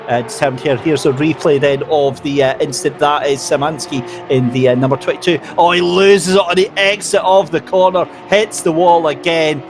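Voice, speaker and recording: A man giving lively, jokey play-by-play commentary on an online sim race. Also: on the high side.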